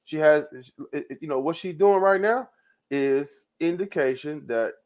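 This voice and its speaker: Guy with a kinda high voice going off on a rant, swears a lot, repeats himself, keeps laughing. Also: a little slow, a little mellow. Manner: rambling, profane, repeats himself, laughs often. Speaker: show host. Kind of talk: ranting commentary.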